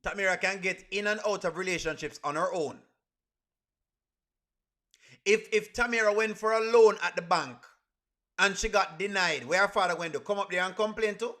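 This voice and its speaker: A man's voice: high voice, normal speed, pauses often, bright, forceful tone. A man with a Jamaican accent giving casual live reaction commentary. He throws rhetorical questions at his chat and uses creole grammar. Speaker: reaction streamer.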